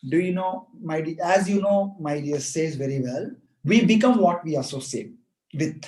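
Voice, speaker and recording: A man voicing a courteous male parrot in a storytelling talk, greeting a king with gentle questions. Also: on the high side, animated, moderate pace, natural voice. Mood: polite. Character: polite, gracious male parrot in a king's palace. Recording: echoey room.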